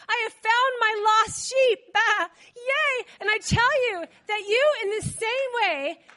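A woman preaching a sermon in a chatty, animated way, with asides to the congregation. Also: very high-pitched.

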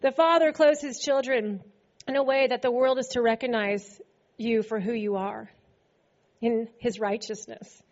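A woman's voice: a little high, steady tone, unhurried, lo-fi sound. A woman preaching a sermon to a congregation, playful and laughing often as she acts out scripture quotes. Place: church service before a congregation.

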